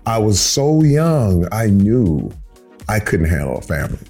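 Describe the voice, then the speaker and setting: A man's voice: fairly low pitch, sing-song, measured pace, dark tone, breathy edge, soft background music. A man in his fifties from Flint, Michigan, telling his story in a hesitant, self-deprecating way, with many restarts and fillers. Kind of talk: casual storytelling chat.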